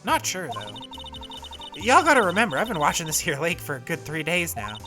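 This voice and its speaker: A woman's voice: sits low, sing-song, brisk, music in the background, pitched above the performer's own voice. A woman doing a feisty Southern gal, Lotta Hart. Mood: feisty folksy. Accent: Southern US, put on. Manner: folksy drawl, feisty and blunt. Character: brash Southern young woman photographer.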